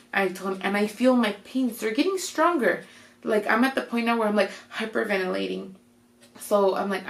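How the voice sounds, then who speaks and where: A woman's voice: medium pitch, vocal fry, reverberant. A young woman, casually telling her birth story in a vlog, saying "like" a lot and quoting herself. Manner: chatty, heavy use of "like" and "I'm like" to quote herself. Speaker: vlogger.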